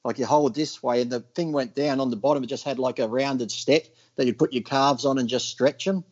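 Animated storytelling man, lo-fi sound. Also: mid-range voice, a little fast, husky. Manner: animated, acts out others' lines in loud bursts. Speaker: podcast guest. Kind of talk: casual storytelling chat.

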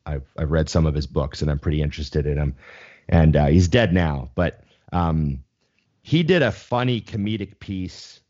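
A man's voice: very deep voice, normal speed, a little mellow. A young man co-hosting a podcast in casual chat, rambling and swearing freely, often restarting his sentences. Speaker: podcast co-host. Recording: slightly dull lo-fi sound.

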